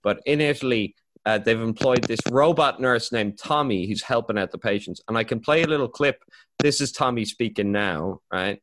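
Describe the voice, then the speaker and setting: A man's voice: mid-range voice, moderate pace. A man hosting a casual podcast, ranting with swearing and laughter. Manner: swearing, laughing, animated rants. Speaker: podcast host. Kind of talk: casual chat.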